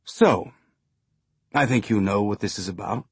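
A man voicing a hardened male rebel leader who speaks softly and gives clipped commands, in an audiobook. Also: mid-range voice, normal speed, husky, no echo, close to an everyday voice. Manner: soft, controlled, clipped commands. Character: older male revolutionary leader, calm but menacing.

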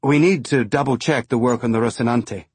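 A man's voice: medium pitch, fairly quick, a little mellow, husky, no echo. A man voicing a blunt, wary male ship captain in an audiobook.

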